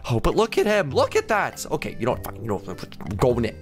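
A man's voice: medium pitch, fast talker, over music. A man hosting a gaming video, giving playful, jokey let's-play commentary as he plays. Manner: playful, animated, jokey self-talk.

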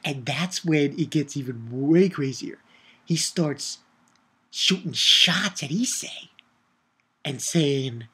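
A man giving a casual video review of an anime episode, excitable and rambling, swearing and shouting out his own reactions. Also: on the high side, slow, long pauses, husky. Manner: rambling with restarts and filler.

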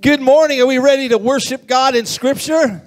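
A man's voice: very high-pitched, fairly even intonation, normal speed, faint music behind. A man in church leading the welcome in an upbeat, playful way. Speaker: worship leader welcoming the congregation.

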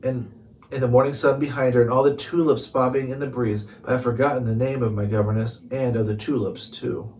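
A man voicing a sad, gentle ghost boy, speaking softly and hesitantly. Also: mid-range voice, little pitch movement, brisk, close to an everyday voice. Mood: wistful. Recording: distant mic with faint noise.

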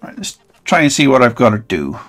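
A man's voice: medium pitch, big pitch swings, brisk, fairly bright tone, soft background music. A man rambling and swearing through a let's play, mocking the game as he goes. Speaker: gaming channel host.

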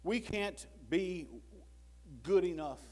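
High-voiced slow preacher, man. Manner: swings from loud pleading to hushed low tones; acts out prayers and God's words in quotes. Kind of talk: sermon. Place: church sanctuary.

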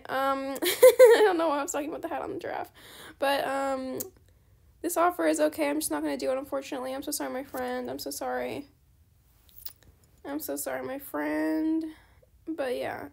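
A young woman with a high voice that drops into a gravelly fry, chatting casually over gameplay. She talks in a loose, rambling way, often saying sorry and perking up at new things. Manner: chatty, apologetic, easily excited. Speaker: gaming channel host.

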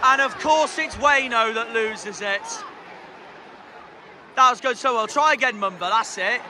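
High-voiced fan shouting over roaring crowd. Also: male voice, a little slow. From southwest England. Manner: excitable, shouts encouragement and complaints at players. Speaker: football fan vlogger. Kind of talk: live match commentary from the stands. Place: outdoor football stadium stands. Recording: loud crowd and stadium noise.

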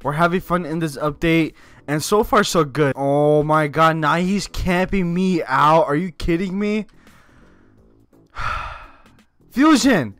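A young man hosting a gaming video, commenting excitedly, laughing and yelling at what happens in the game. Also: fairly high pitch, unhurried, clean tone, no echo, soft background music.

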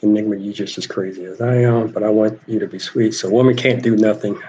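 A man's voice: on the low side, steady tone, a little fast, dark tone, lo-fi sound, a little hiss or hum. A man hosting a casual talk show, telling an army story with quoted voices and reading viewer comments. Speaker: host.

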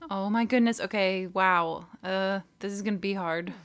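A woman giving chatty, excitable commentary while playing a video game. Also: mid-range voice, moderate pace, creaky. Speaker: let's play gamer. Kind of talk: casual gameplay commentary.

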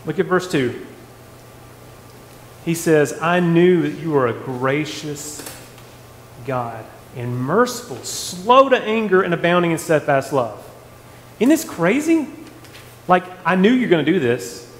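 A man leading a casual Bible study, animated, asking the group rhetorical questions and restarting his sentences. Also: on the high side, takes it slowly, pauses often. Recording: echoey hall, faint room noise.

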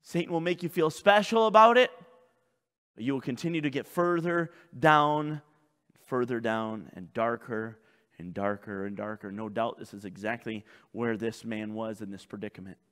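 A male pastor preaching a sermon in a church, swinging from loud shouts to low, quiet passages. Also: moderate pace, long reverb tail. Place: church sanctuary.

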